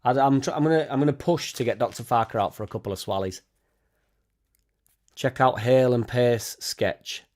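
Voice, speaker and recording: A man's voice: medium pitch, moderate pace, a little mellow. A man hosting a casual live stream, reading out chat and swearing freely as he talks. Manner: swears freely, chatty, tag questions like innit. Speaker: fan channel host reading live chat.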